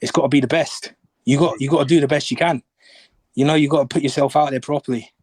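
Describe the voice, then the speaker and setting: A man's voice: mid-range voice, steady tone, quick pace, a little mellow. A young man talks in a loose, rambling way and keeps checking in with "you know what I mean". His recording is dry, with no room echo. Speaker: caller in an audio chat room. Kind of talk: casual chat.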